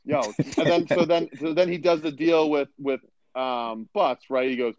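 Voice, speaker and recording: A man's voice: on the high side, fairly even intonation, normal speed, darkish tone, no room sound, muffled recording. A young man co-hosting a podcast, ranting casually with exasperation, swearing and quoting others. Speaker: podcast co-host. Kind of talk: casual chat.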